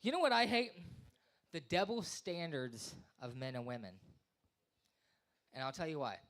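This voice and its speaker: A man's voice: on the high side, very animated, normal speed, fairly bright tone. Rambling self-mocking man doing stand-up. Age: 30s. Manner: rambling, self-deprecating, acts out voices. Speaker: open mic comedian. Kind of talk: stand-up comedy. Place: small live venue.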